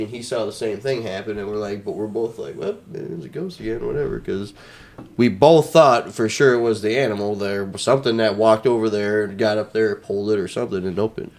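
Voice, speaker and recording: A young man on a podcast, casually recounting a strange event at home and pausing to search for words. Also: on the low side, steady tone, a little mellow. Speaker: podcast co-host. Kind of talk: casual storytelling chat.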